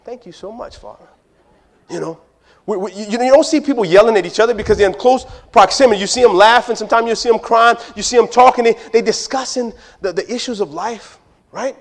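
A man's voice: very high voice, fast. A man, preaching a sermon in a conversational, joking way that speaks straight to the congregation. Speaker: pastor.

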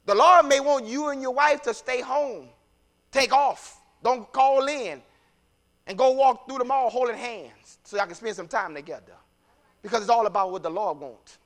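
Preacher, male, very high and bright tone, soft halting reading that rises to forceful sermon delivery. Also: animated.

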